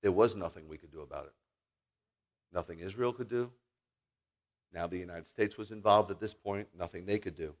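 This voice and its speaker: A man leading a Shabbat service, preaching a sermon that mixes scripture with folksy personal stories, swinging from loud declarations to quiet asides. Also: low voice, fairly quick, pauses often. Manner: folksy, joking, talks straight to the congregation. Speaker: congregation leader preaching.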